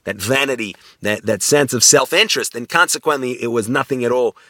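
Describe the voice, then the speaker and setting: A man's voice: medium pitch, fairly quick, bright, forceful tone, dry recording, clean studio sound. A man giving a reflective lecture on ethics, speaking conversationally with frequent restarts and tag questions like "right?".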